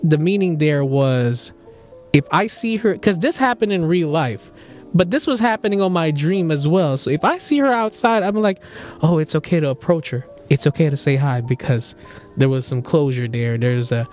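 A man's voice: fairly high pitch, expressive, normal speed, a little mellow, faint music behind. A young man hosting a podcast, animatedly telling a dream story with laughs, casual chat among friends. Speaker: podcast host.

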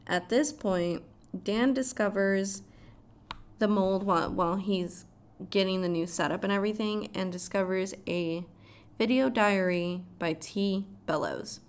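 A woman's voice: mid-range voice, measured pace, clear, resonant tone. A woman casually recapping a show's plot, swearing freely and adding dramatic asides. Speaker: show recap vlogger.

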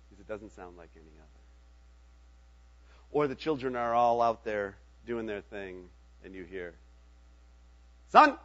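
A man's voice: lowish voice, highs cut off, slight background noise. A middle-aged man preaching a sermon in a conversational way, often checking in with his listeners. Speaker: pastor.

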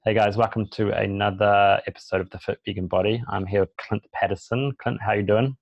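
A New Zealand man hosts a casual podcast chat, his voice very low and gravelly with little rise and fall. He rambles through his questions with fillers, recorded dry and close. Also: steady tone, brisk, no echo, muffled recording. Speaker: podcast host. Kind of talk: casual interview.

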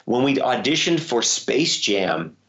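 A man who works as a voice actor, telling lively stories in an interview, his voice leaping high when excited. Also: takes it slowly, dull audio. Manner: animated storyteller, voice jumps high when excited. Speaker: voice actor guest. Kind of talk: interview conversation.

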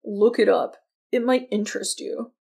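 Woman reading as a teenage boy, audiobook, calm, cocky, cutting, a little raised in pitch, gravelly edge. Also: normal speed. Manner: calm, cutting, self-assured. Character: bold, clever teenage boy.

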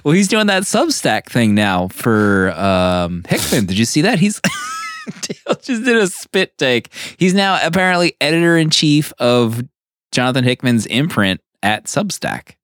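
A man's voice: mid-range voice, wildly swooping pitch, a bit bright. A man co-hosting a podcast, chatting casually and offering opinions. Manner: chatty, opinionated, quick laughs. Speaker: podcast co-host. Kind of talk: casual comic book discussion.

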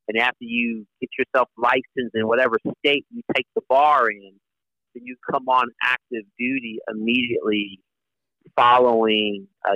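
Navy lawyer guy in his 40s, bright edgy voice, kinda muffled lo-fi line, lots of um and you know. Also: fairly low pitch, dry recording. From United States. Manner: many fillers and restarts. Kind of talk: casual interview.

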